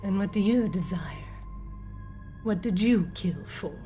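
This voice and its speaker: A woman as a hushed, probing drow high priestess. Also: lively intonation, soft background music, natural voice. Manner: slow, hushed, searching questions.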